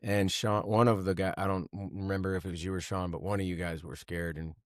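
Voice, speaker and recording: A man's voice: sits low, flat delivery, fairly quick, no room sound, clean studio sound. A man hosting a podcast, casually reminiscing and chiming in with old friends. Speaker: podcast host. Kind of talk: casual chat.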